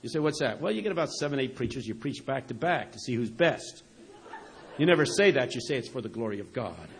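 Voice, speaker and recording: A man preaching a sermon, telling a story and building up to shouted crescendos before a live audience. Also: medium pitch, expressive, brisk, vocal fry, slight background noise.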